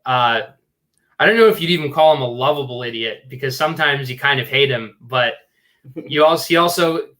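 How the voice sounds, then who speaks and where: A man's voice: medium pitch, brisk, sharp tone. A man talking as a filmmaker guest on a podcast, rambling and earnest, full of fillers. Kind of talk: casual interview chat.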